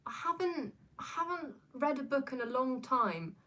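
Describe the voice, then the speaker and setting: A woman's voice: high-pitched, lively intonation, normal speed, a bit bright. Young Aussie woman streamer, rambly casual chat full of ums and restarts. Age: young adult. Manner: rambling, many fillers and restarts, laughs often. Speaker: streamer answering viewer questions.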